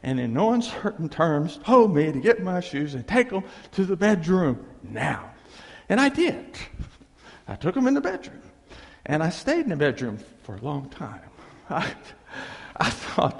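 A man telling a funny personal story to a live audience, animated and self-deprecating, dragging out his punchlines. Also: on the high side, a little slow, vocal fry. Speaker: speaker addressing a live audience. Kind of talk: humorous personal storytelling talk. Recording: long reverb of a large hall.

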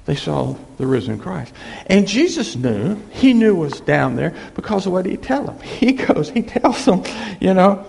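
A middle-aged man preaching a sermon in a folksy, animated way, acting out quick quotes and chuckling between points. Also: high voice, vocal fry. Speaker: pastor. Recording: long reverb of a large hall.

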